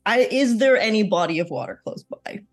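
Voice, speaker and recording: A woman playing in a tabletop game, playful and quick to laugh. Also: mid-range voice, animated, soft background music. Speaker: player.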